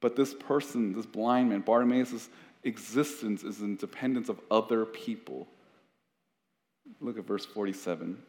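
A man's voice: fairly low pitch, moderate pace, darkish tone. Earnest male pastor in a reverberant hall. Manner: earnest, conversational, with frequent restarts. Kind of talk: sermon.

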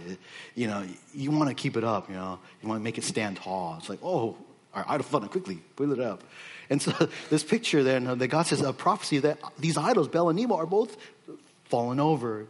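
A man's voice: mid-range voice, breathy edge. A man preaching on scripture, reading verses aloud and explaining them off the cuff with frequent fillers and restarts. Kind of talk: expository sermon.

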